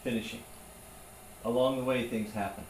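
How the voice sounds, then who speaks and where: A man's voice: mid-range voice, steady tone, moderate pace, a little mellow. Preacher man in an echoey room. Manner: earnest, conversational preaching. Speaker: pastor. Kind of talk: sermon. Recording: echoey room, voice from far off, faint hum.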